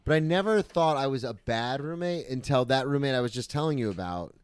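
A young man on a podcast, telling a story in casual chat, swearing and acting out quotes loudly. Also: medium pitch, lively intonation, fairly quick, clear, resonant tone, no echo. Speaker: podcast co-host.

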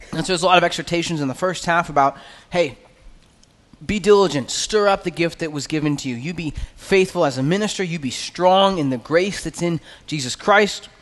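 A man preaching an expository sermon as pastor, earnest and conversational, with quick asides. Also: a little high, big-room sound.

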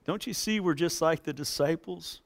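A male pastor preaching a sermon, expressive, rising into impassioned pleading. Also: fairly high pitch, normal speed, vocal fry.

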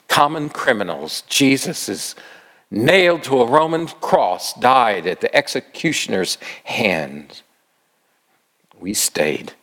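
A man preaching a dramatic sermon, retelling the story with emotive storytelling that slows down and then suddenly rises. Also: medium pitch, fairly bright tone.

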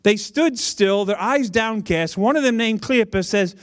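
Casting note: male preacher with a fairly high voice, relaxed and chatty, jokes with the congregation. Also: unhurried, hardly any pauses. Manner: chatty, humorous, addresses audience directly. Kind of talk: casual conversational sermon.

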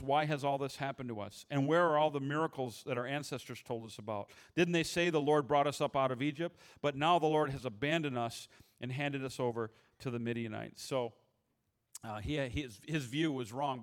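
A man's voice: mid-range voice, a little fast. A man preaching a sermon in a conversational, humorous way, often restarting his words. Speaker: pastor.

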